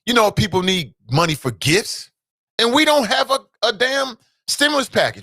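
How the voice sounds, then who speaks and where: With a Cincinnati, Ohio accent, a talk show host delivers fired-up solo commentary, ranting in a bright, forceful voice whose pitch swings widely and jumps to high exclamations. He repeats the same rhetorical question again and again at a moderate pace, and the sound is dry and close with no room sound.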